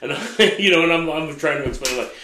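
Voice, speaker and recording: A man's voice: on the high side, quick pace, reverberant, slight background noise, rough recording. A man hosting a podcast, telling a crude story with lots of swearing, laughing as he goes among friends. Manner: profane, animated, laughing storyteller. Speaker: podcast host.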